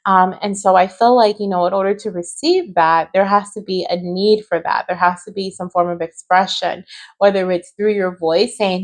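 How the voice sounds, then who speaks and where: Woman tarot reader, soft and reassuring, speaks straight to viewers, keeps checking in with them. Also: mid-range voice, fairly even intonation, normal speed. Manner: gentle, reassuring, often adds "right?" and "okay?". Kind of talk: pick-a-card tarot reading to viewers.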